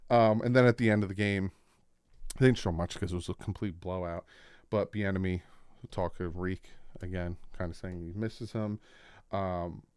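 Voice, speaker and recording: A young adult man hosting a casual sports reaction, telling the story in an animated way and acting out what people said. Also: fairly low pitch, smooth, no room sound, studio quality. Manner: animated storytelling, acts out quotes.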